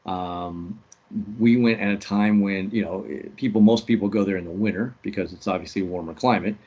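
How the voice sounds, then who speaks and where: Husky-voiced laid-back man. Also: low voice, fairly even intonation, brisk, a little mellow, highs cut off. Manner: laid-back storytelling, many ums. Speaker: podcast co-host. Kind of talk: casual chat.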